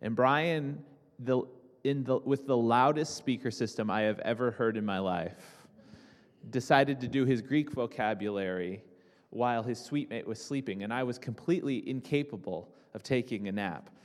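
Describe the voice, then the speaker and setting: A man's voice: mid-range voice, normal speed. A young man preaching a sermon to a congregation, talking casually with restarts and asides. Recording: reverberant hall.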